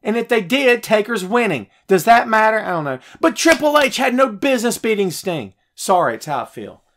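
A podcast host, a man, rants about wrestling with a high, very lively voice that leaps up and drops low as he gets fired up. He swings from loud outbursts to muttered asides while answering his live chat. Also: a little fast. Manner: animated, fired-up ranting, swings loud and soft. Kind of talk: heated wrestling rant.

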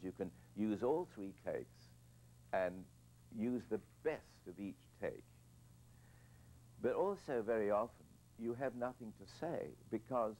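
A man's voice: lowish voice, darkish tone, rough recording. An older man, a film director being interviewed, telling reflective anecdotes with hesitant restarts and repeated words.

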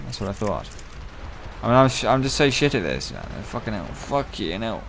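A man giving profane, excitable, joking let's-play commentary. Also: lowish voice, brisk, slight background noise. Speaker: gaming channel host.

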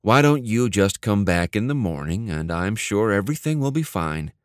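A man's voice: on the low side, normal speed, dry recording, studio quality, lightly acted. Brief: male narrator doing a petty, sneering Marine gunnery sergeant, snappish and condescending.

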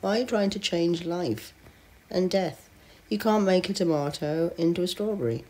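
A woman's voice: on the low side, normal speed, mellow. A woman improvising rambling spoken-word poetry, full of rhetorical questions and playful wordplay. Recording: music playing behind.

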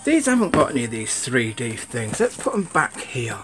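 A man's voice: medium pitch, big pitch swings, moderate pace. A man giving a casual, rambling unboxing chat, grumbling and swearing at his camera. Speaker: sneaker vlogger.

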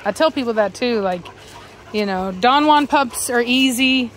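A woman with a fairly high voice chats loosely about caring for her dogs. She breaks off to scold and coo at them. Faint outdoor ambience sits behind her. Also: unhurried, a little hiss or hum. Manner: chatty, scolds dogs sharply then coos softly. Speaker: dog breeder. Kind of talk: casual vlog talk to camera and dogs. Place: outdoors in a dog yard.

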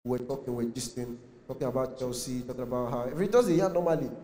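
A man's voice: mid-range voice, very fast. A young man with a Nigerian accent performing a stand-up comedy set, telling stories animatedly and slipping into pidgin while acting out the people in them. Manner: animated storytelling mixing pidgin, acting out voices. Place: large comedy venue with live audience. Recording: echoey hall.

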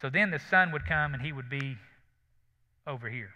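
A man's voice: mid-range voice, moderate pace, pushed and bright, slight background noise. A man, preaching a sermon in a folksy, conversational way with asides to the congregation. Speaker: pastor. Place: church sanctuary. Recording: reverberant church hall, dull sound.

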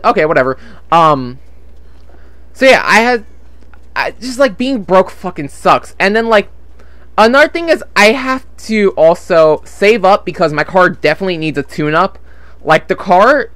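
On a desktop USB microphone at home, a young gaming channel host plays a game and talks casually, rambling and cursing frequently in frustration over money. His voice leans high and a bit bright, with no room sound.

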